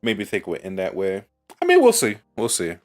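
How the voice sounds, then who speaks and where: Lively man reading viewer questions. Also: on the low side, a little fast, faint music behind. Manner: reads viewer questions, leads segments, laughs along. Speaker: podcast co-host. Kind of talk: casual anime review chat.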